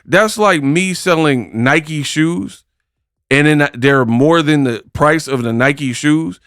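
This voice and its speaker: A man's voice: fairly high pitch, slow, fairly bright tone, clean tone, no room sound, studio quality. A man hosting a casual boxing commentary video, exasperated and full of rhetorical questions.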